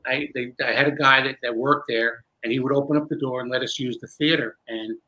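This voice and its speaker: A man, a magician guest, telling a long animated story with many restarts in a candid interview. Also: medium pitch, brisk, highs cut off.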